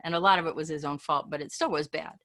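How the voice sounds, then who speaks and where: A woman's voice: sits low, fairly even intonation, quick pace, pushed and bright. A woman teaching an online English class, talking in a chatty, informal way and often trailing off and restarting.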